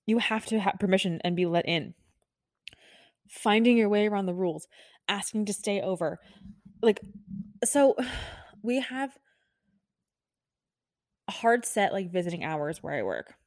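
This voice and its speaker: A woman's voice: mid-range voice, expressive, unhurried, long pauses, a little mellow, no echo, studio quality. Frazzled, exasperated woman nurse venting. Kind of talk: venting vlog monologue.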